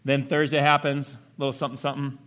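Animated, bright-voiced male preacher. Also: mid-range voice, fast talker, slight background noise. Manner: animated, jokey preaching with audience questions. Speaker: pastor. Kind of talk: sermon.

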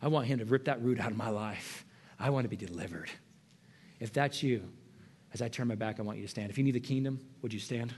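A middle-aged man preaching a sermon in a church, moving between loud passion and hushed whispers. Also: mid-range voice, quick pace, slightly rough.

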